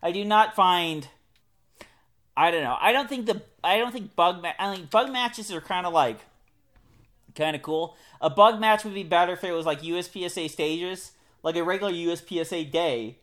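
A man co-hosting a casual podcast chat, enthusiastic and joking, often trailing off quietly at the ends of sentences. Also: high voice, moderate pace. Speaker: podcast co-host.

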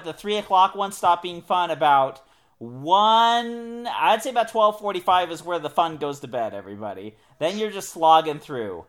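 A man co-hosting a casual podcast chat, enthusiastic and joking, often trailing off quietly at the ends of sentences. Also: sits high. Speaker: podcast co-host.

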